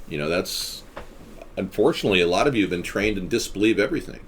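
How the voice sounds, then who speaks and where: Low husky guy rambling on a live stream, jokey, voice jumps around a lot. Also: animated, fast talker, a little hiss or hum. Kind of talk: casual live stream monologue.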